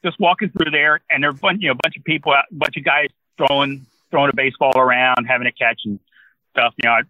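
A man's voice: mid-range voice, fairly even intonation, fast, no room sound, highs cut off. A man in his sixties from New Jersey, a guest telling a long rambling anecdote in casual conversation. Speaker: interview guest. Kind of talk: casual storytelling.

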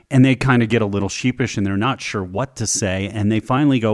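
A male podcast host giving a faith-based talk, retelling a story in a lively storytelling manner. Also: lowish voice, brisk, few pauses, no room sound, studio quality. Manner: animated storyteller, vivid retelling.

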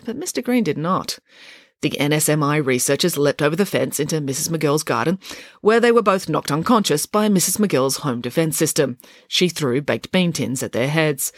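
A woman narrates a children's storybook with wry, playful humour. Her pitch moves in lively swings between phrases. The recording is close and dry, with no room sound. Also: dry recording. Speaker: storyteller, author reading own book.

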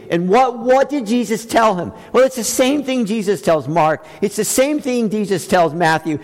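Man, pastor, sermon, high voice, emphatic rhetorical questions, church hall reverb. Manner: emphatic preaching with rhetorical questions, swinging from loud highs to quiet lows.

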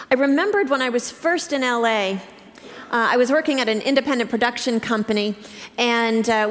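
A woman in her fifties preaching a sermon to her church, telling a personal story earnestly, with halting restarts. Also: on the high side. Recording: reverberant hall.

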